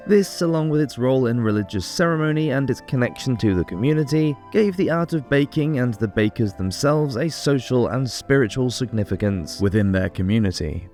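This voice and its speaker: A man narrating a scripted history documentary in a clear, explanatory way, with the odd casual joke. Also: medium pitch, lively intonation, fairly quick, few pauses, a little mellow, soft background music. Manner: clear explanatory delivery with casual jokey asides.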